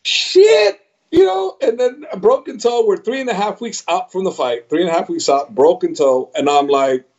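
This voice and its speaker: A middle-aged man, an MMA trainer, telling a story on a podcast over a video call, animated and quoting his own reactions. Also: high voice, a little fast, few pauses. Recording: slightly dull video call audio.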